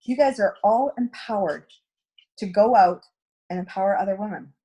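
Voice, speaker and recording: A woman's voice: mid-range voice, moderate pace, dark tone, slightly rough. A middle-aged woman coaching a direct sales team in a chatty storytelling talk, acting out quoted dialogue. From Canada.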